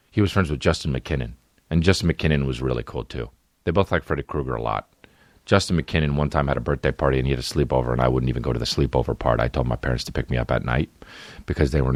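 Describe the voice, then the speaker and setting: A man's voice: extremely low pitch, no echo, studio quality. A man in his late thirties from New Jersey, telling comedic stories as a podcast host in a profane, rambling way. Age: 30s. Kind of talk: comedic storytelling.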